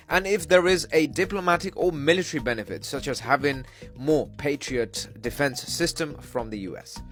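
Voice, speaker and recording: A man reading news commentary in a measured, wry tone. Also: fairly high pitch, a bit bright.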